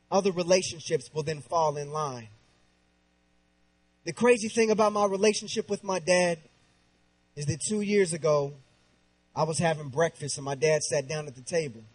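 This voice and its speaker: A man in his thirties preaches with a fairly high voice. He speaks with passion and drops to a hushed tone when he tells his own story. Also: husky, poor audio. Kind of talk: sermon.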